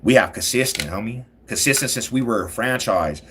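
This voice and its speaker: A man hosting a live stream, talking loud, boastful trash about sports rivals in slangy banter. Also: mid-range voice, animated, brisk, background noise.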